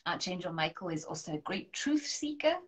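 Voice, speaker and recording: A woman, a spiritual coach, doing a live-stream angel card reading, gently encouraging viewers and leading affirmations aloud. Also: lowish voice, big pitch swings, a little fast.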